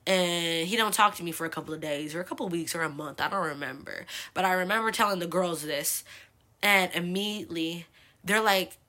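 A woman in her twenties hosting a podcast, telling a personal story in a casual, animated way, swearing freely and leaning on "like" a lot. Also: a little fast. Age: 20s. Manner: acts out quoted people with big pitch jumps. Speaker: podcast host.

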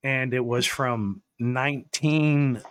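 A man's voice: medium pitch, slow pace, clean tone, no echo. A man hosting a podcast, rambling through stories and chuckling as he goes. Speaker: podcast host. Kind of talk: casual chat.

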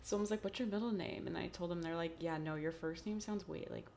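A woman's voice: on the low side, quick pace, creaky, darkish tone, slight background noise. A young woman from Texas, hosting a podcast in casual, chatty talk full of "like" and laughter. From Texas, USA. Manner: chatty, laughing, heavy use of "like". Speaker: podcast host. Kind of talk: casual chat.

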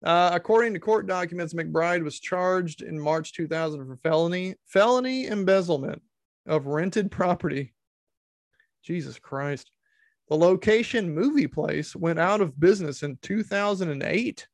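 A man's voice: sits high, moderate pace, dry recording. A man giving casual comedic commentary, sarcastic and incredulous, swearing freely.

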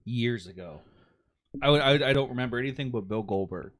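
A man's voice: medium pitch, a little fast, fairly bright tone. A man co-hosting a podcast in casual chat, laid-back and jokey, swearing freely as he tells stories. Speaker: podcast co-host.

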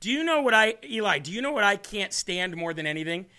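A man's voice: high voice, big pitch swings, fast, noisy background. A man hosting a live political commentary stream, combative and scornful, talking to his co-host.

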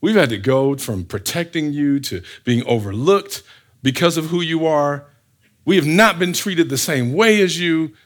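A man speaking as resentful older brothers, low and bitter as they list their grievances. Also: lively intonation, unhurried.

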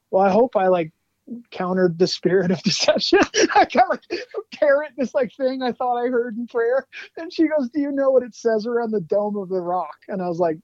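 High-voiced man telling animated stories. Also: no room sound, muffled recording. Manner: animated, laughs often, lots of "like". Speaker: guest musician. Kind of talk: casual storytelling interview.

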